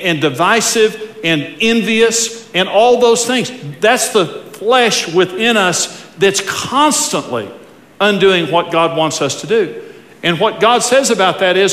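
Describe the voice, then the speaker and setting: A man preaching a sermon with emphatic delivery, swinging from hushed asides to loud bursts. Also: sits high, echoey room, in a large hall. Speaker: pastor.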